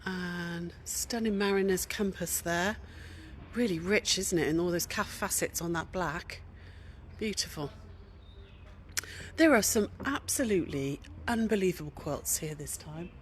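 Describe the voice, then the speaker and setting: A middle-aged woman hosting a casual walk-around vlog at a quilt show, chatty and gushing, dropping to hushed admiration. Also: on the low side, measured pace, a little hiss or hum. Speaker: craft shop host showing a quilt show. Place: large indoor exhibition hall.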